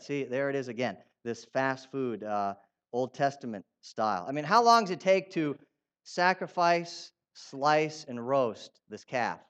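Lo-fi man preaching conversationally. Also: a little high. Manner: conversational, asks the audience questions, animated when reading quotes. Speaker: pastor. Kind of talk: sermon.

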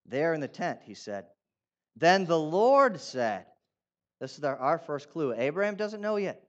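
A man's voice: fairly high pitch, unhurried. Lo-fi man preaching conversationally. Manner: conversational, asks the audience questions, animated when reading quotes. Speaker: pastor. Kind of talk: sermon.

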